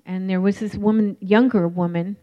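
A woman in her forties telling her recovery story in a candid, reflective way, with many pauses and fillers. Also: medium pitch, fairly even intonation. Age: 40s. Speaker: recovery meeting speaker. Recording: dull lo-fi recording.

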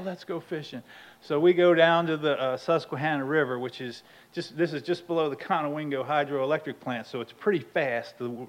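A man sharing a humorous personal story at a recovery meeting, animated and laughing often. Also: a little high, rough recording. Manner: animated, laughs often, acts out his own outbursts loudly.

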